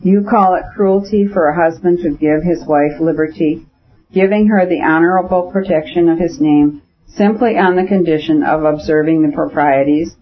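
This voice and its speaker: Male narrator doing a stern, contemptuous noble husband, husky, lo-fi. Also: normal speed, lightly acted. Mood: cold anger. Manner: cold, contemptuous, shrill when angry. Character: cold, stern aristocratic husband, middle-aged man. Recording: dull lo-fi audiobook recording.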